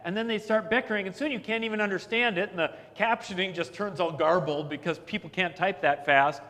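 A man's voice: sits high, a little fast, hardly any pauses, fairly bright tone. A middle-aged man, a pastor, preaching a chatty sermon, telling anecdotes and repeating words as he builds each point. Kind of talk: conversational sermon. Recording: long hall reverb.

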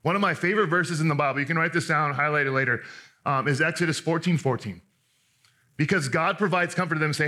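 A man preaching a sermon in an animated, conversational way, restarting often and acting out the people he quotes. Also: on the high side, quick pace. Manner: acts out quoted speakers in voices. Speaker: pastor.

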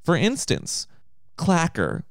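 A man's voice: fairly high pitch, wildly swooping pitch, slow, vocal fry, no room sound, clean studio sound. A man co-hosting a podcast in casual chat, teasing and joking. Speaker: podcast co-host.

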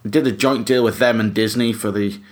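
A man's voice: lowish voice, steady tone, a little fast. Joking man hosting a podcast. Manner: joking, rambling, with many ums. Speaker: podcast host. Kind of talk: casual chat.

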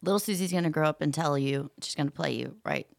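A woman's voice: deep voice, fast, creaky, dry recording, clean studio sound. A woman co-hosting a podcast in casual chat, talking in a frank, matter-of-fact way. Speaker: podcast co-host.

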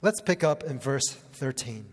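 A man's voice: mid-range voice, expressive, measured pace, husky. A man preaching a sermon, earnest and conversational, with casual fillers mixed into the teaching. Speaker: pastor. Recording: long hall reverb.

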